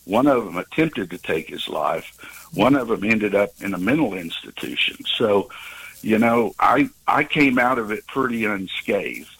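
A man in his sixties calling in to a talk show and telling a personal story, halting with many fillers and restarts. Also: on the low side, animated, a bit bright, breathy edge, poor audio. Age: 60s. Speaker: caller.

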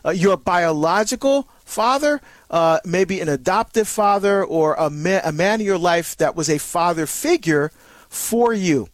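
A man with a strikingly high voice hosts a call-in radio show. He affirms each caller, thanks them at length and invites listeners to phone in. His voice comes through dry and close to the mic. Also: no echo.

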